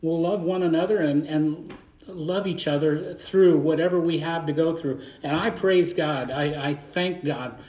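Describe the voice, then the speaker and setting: Fervent Baptist pastor preaching in an echoey church. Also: male voice, a little high, a little slow, a little mellow. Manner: fervent, folksy preaching with repeated words. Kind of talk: sermon. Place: church sanctuary.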